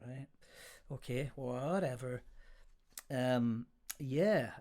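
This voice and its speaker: A man's voice: medium pitch, very slow, a little mellow. A middle-aged man, a musician, casually reading old press clippings aloud, with rambling, self-mocking asides. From Scotland. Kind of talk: casual livestream chat.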